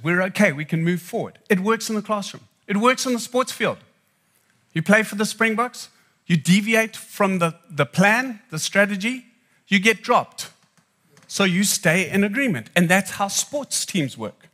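Bright high-voiced man. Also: normal speed. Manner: joking, animated storytelling. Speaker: speaker. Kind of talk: humorous live talk on marriage.

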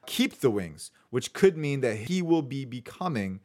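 A man's voice: mid-range voice, sing-song, a little slow, darkish tone. A man hosting a casual podcast, running through his notes in a chatty way with fillers. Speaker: podcast host.

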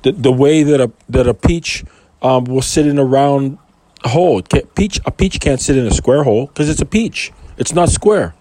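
Man, mid pitch, dry close sound, loose chatty Bible commentary that wanders and restarts. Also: normal speed, a little mellow, no echo. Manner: rambling, conversational, restarts and asides. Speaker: Bible teacher. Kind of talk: casual Bible commentary with scripture reading.

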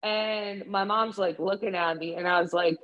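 A young woman co-hosting a podcast, telling stories in casual chat, animated and swearing often. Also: mid-range voice, normal speed, highs cut off, slight background noise. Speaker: podcast co-host.

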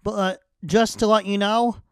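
A man's voice: sits high, little pitch movement, moderate pace, smooth, no room sound. A man hosting a casual radio show, wrapping up a chat with his guests.

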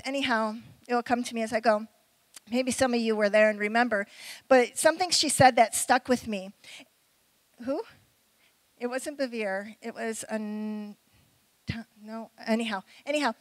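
Middle-aged woman preacher, conversational sermon style, high-pitched, dry sound. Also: no echo, poor audio. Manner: conversational, with quick asides and questions to the audience.

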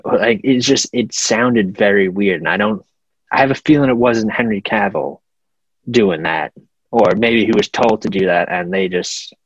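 Husky low-voiced man on a dull mic. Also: no echo. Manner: laid-back, profane, hesitant restarts. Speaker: podcast co-host. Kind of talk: casual film review chat. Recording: dull muffled home mic.

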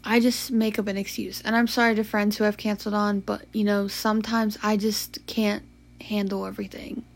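A tired young woman hosting a late-night confessional podcast, talking softly and haltingly, with sighs, yawns and whispered stretches. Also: mid-range voice, level tone, gravelly. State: sleepy. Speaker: podcast host.

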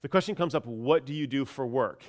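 A pastor telling a personal story in a casual, chatty sermon, with many fillers and restarts. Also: male voice, mid-range voice, brisk, darkish tone.

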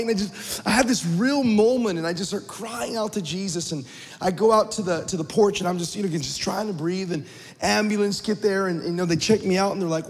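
A man in his thirties preaches to his congregation in a fairly high voice. He tells a personal story earnestly and often repeats words as he goes. The recording carries a long, ringing reverb. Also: brisk. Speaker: pastor. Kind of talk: sermon.

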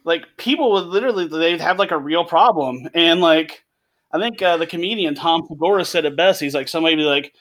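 A man's voice: on the high side, a little fast, fairly bright tone. A man chatting casually on a podcast, telling a story animatedly, swearing and laughing as he goes.

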